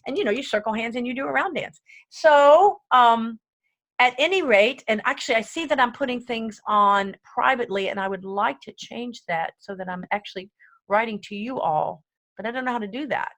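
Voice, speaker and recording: In a casual online music lesson, a chatty, enthusiastic female music lecturer drifts off topic and counts beats aloud while playing a keyboard. Her voice is on the high side and fairly bright, at a normal speed. Faint keyboard playing sounds in the background.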